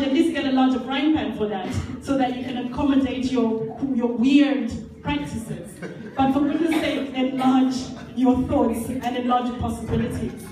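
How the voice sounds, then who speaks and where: A woman's voice: fairly high pitch, mellow. A woman conference speaker giving an earnest, emphatic motivational talk with Bible examples, repeating key phrases, heard from far off in an echoey hall with faint music. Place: large indoor leisure centre hall.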